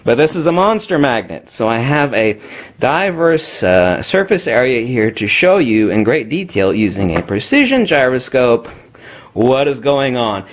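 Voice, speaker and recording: A man's voice: mid-range voice, very animated, moderate pace. A man giving an unscripted, emphatic talk while demonstrating magnets, addressing viewers as kiddies.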